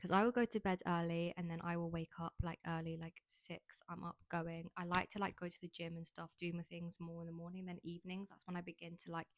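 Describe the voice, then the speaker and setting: Casual woman host, young, lowish voice, dry close sound, rambling and candid, filler-heavy chat. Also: little pitch movement, brisk, hardly any pauses, no room sound. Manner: chatty, frank, heavy use of "like". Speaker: podcast host. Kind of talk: casual monologue.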